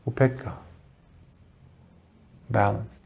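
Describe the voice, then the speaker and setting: Slow, gravelly-voiced male dharma teacher. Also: fairly low pitch, steady tone, darkish tone. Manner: earnest, with dramatic pauses and restarts. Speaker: Buddhist teacher. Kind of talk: dharma talk storytelling.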